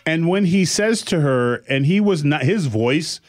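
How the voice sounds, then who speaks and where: Animated man telling a story. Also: fairly high pitch, unhurried. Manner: animated storyteller, acts out quotes. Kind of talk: casual chat.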